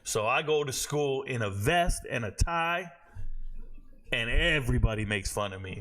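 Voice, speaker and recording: A man in his forties hosting a live stream, joking loudly with his chat viewers in casual slang and telling stories. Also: medium pitch, animated, moderate pace. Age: 40s. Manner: loud, joking, slangy storyteller.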